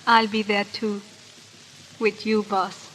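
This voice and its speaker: A woman's voice: medium pitch, flat delivery, takes it slowly, very noisy, lightly acted. A woman with a French accent playing a devoted young Dutch girl in a 1930s radio play. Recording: reverberant old radio broadcast.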